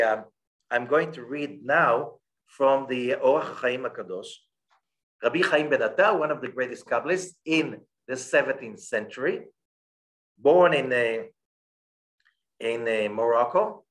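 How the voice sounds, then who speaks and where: A rabbi teaching a Torah class, who rattles off Hebrew passages quickly and then explains them in English, often checking in with listeners. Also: male voice, medium pitch, fairly bright tone. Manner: checks in with listeners by saying "okay?".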